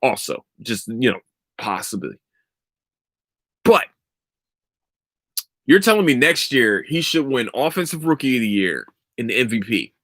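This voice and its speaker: A young man on a podcast mic, ranting about sports with heated sarcasm and lots of swearing. His pitch swings widely as he jumps around. The sound is dry and close, with no room in it. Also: big pitch swings, unhurried, long pauses, fairly bright tone, no echo. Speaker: podcast host. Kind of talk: casual sports rant.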